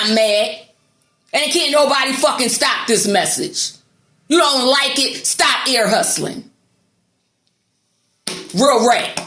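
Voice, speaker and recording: A woman's voice: sits high, pushed and bright, echoey room. A woman delivering an angry, sarcastic, profanity-heavy rant to her viewers. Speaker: vlogger. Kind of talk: angry ranting monologue.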